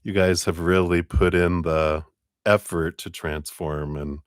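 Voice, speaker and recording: Giggly low-voiced man reading tarot. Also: steady tone, measured pace, no echo, clean studio sound. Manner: bubbly, giggly, sing-song vocal sounds. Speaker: tarot reader. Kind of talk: live-stream reading.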